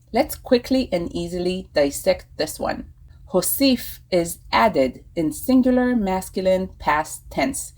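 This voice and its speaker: A young woman giving a scripted language lesson, speaking clearly and repeating phrases slowly to teach them. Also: fairly low pitch, a little mellow, rough recording. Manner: clear, slow repetition of phrases. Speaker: Hebrew teacher.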